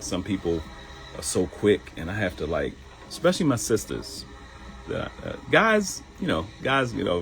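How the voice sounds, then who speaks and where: A middle-aged man, a comedian hosting his own live show, telling stories in an animated, joking way. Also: sits low, creaky, poor audio.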